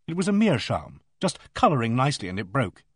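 A man's voice: medium pitch, very animated, a little fast, breathy edge, dry recording. A man reading a novel aloud in first person, with dry, wry storytelling, close to the mic. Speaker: audiobook narrator. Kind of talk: scripted narration.

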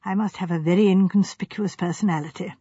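A woman's voice: lowish voice, fairly even intonation, quick pace, mellow, husky, no room sound. A woman reading the part of a mild, self-effacing grizzled male doctor who talks diffidently. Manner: diffident, apologetic. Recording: slightly dull, dry recording.

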